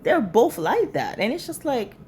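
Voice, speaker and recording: A woman's voice: a little high, sing-song, normal speed, a little mellow, a little hiss or hum. A woman hosting a reaction video, commenting in a disapproving, lecturing way. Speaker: commentary channel host.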